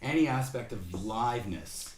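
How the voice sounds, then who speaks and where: A man's voice: mid-range voice, expressive, moderate pace. A man from Canada, a guest singer-songwriter, chatting casually with hesitant fillers and dry humor. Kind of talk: casual chat between songs. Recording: echoey room with guitar in background.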